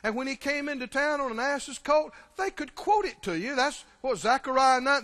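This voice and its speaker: A man preaching a sermon, emphatic and calling out to his congregation, swinging between hushed and shouted lines. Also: very high voice, expressive, fairly quick, hardly any pauses. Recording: long hall reverb.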